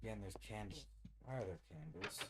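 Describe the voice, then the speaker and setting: A man's voice: fairly low pitch, animated, fairly quick, heavy background noise. A tired man streaming a video game, reading bits aloud and making dry, sarcastic remarks while yawning. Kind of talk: casual let's-play commentary.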